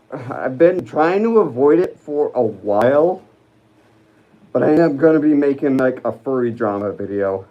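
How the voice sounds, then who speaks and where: A man hosting a relaxed livestream, his voice mellow and soft-edged. He wanders from thought to thought, stopping and restarting with plenty of ums while he answers the live chat. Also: mid-range voice, poor audio. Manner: rambling and hesitant, many fillers and restarts; chats with viewers while reading live comments. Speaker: livestream host.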